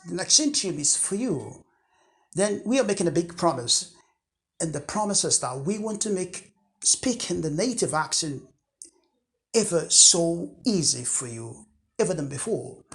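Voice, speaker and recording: A coach speaks in an unscripted talk to camera, pitched at an ordinary middle height. The delivery is earnest and emphatic, with key words said twice. Sentences often restart partway through. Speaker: English accent coach.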